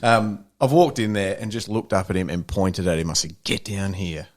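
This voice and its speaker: A man's voice: fairly low pitch, brisk, a little hiss or hum. A man, a podcast co-host telling a story in casual chat. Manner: animated anecdote teller, mate-ish banter.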